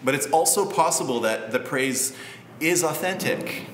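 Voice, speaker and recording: A man preaching a sermon in a relaxed, conversational way with light humor. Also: on the high side, unhurried, roomy sound, a little hiss or hum. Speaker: pastor.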